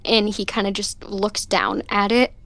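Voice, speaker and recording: Slow-talking woman describing her character. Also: medium pitch, flat delivery, fairly bright tone. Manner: casual, describing actions with lots of likes. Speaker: player. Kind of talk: playing a tabletop game character.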